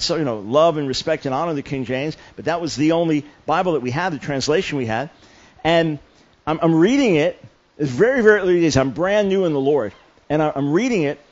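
A man with a fairly high voice delivers a sermon at a camp meeting. He tells stories with humor and often stumbles over restarts. The live recording sounds dull and muffled. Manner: storytelling with humor and many restarts. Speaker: guest preacher. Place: church camp meeting hall.

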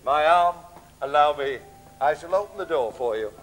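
A man's voice: on the high side, animated, moderate pace, faint music behind. A man playing a bumbling, kindly pantomime father who makes puns and muttered asides in a live stage comedy. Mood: doting. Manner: gentle, punning, mumbling asides. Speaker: comic actor. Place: theatre stage.

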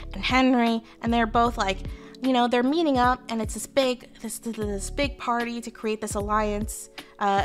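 A young woman hosting a casual, irreverent history explainer, chatty and full of fillers. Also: a little high. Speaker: history vtuber host.

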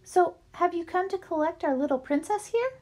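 A woman's voice: very high-pitched, normal speed, a little mellow, voice pushed up. A woman voicing a kindly middle-aged school lunch lady in a storybook reading. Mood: cooing. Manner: sweet, cooing.

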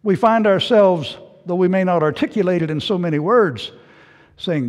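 A man preaching a sermon as pastor, who takes on the pleading voices of the Bible's questioners in a hushed tone. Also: high voice, normal speed. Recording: long hall reverb.

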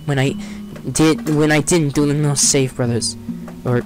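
A man's voice: a little high, fairly even intonation, a little slow, rough recording. A man hosting a game playthrough, chatting loosely and correcting himself as he goes. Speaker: gaming channel host. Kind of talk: let's play commentary. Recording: game music playing behind. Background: game music.

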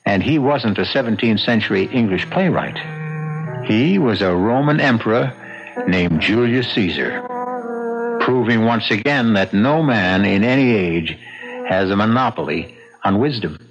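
A man hosting and introducing a radio mystery drama in a measured, wry way. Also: fairly low pitch, lively intonation. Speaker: host. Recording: muffled old radio with music.

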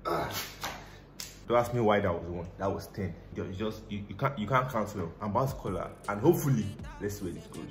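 A man's voice: lowish voice, fairly quick. A young man chatting playfully to his viewers in a casual vlog, talking straight to the camera. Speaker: vlogger. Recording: echoey room with music behind.

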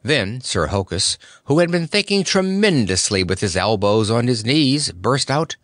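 Animated male audiobook narrator. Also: medium pitch, a little slow, few pauses, no echo, clean studio sound. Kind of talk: storybook narration.

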